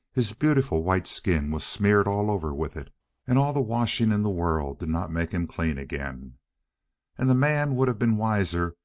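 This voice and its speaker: A man reading a fairy tale aloud as an audiobook narrator, in an expressive way. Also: sits low, no echo, studio quality. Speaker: audiobook reader.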